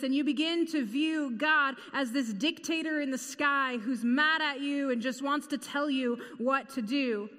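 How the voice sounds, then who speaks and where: A woman preaching a sermon in an earnest, measured way, repeating key phrases. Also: high voice, a bit bright, long reverb tail.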